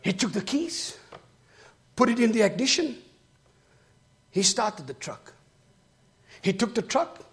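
A man preaching a sermon. He tells a story and then builds to shouted, rhythmic preaching. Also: high-pitched, sing-song, slow, pauses often.

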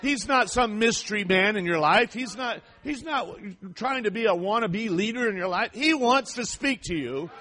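A man preaching a fervent sermon, reading scripture and rising to shouts of praise. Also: sits high, lively intonation, moderate pace, hardly any pauses.

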